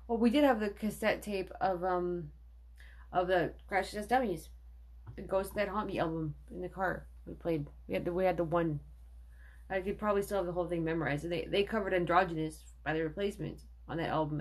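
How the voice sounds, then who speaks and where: A woman's voice: lowish voice, brisk. A woman in her thirties hosting a casual livestream, rambling and swearing, with many fillers. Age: 30s. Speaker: livestream host.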